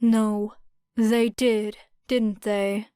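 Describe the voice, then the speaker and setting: A woman voicing a quiet, blunt teenage boy in an audiobook reading, speaking plainly. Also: medium pitch, extremely slow, clean tone, no room sound, studio quality. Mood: flat. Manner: flat, plain-spoken.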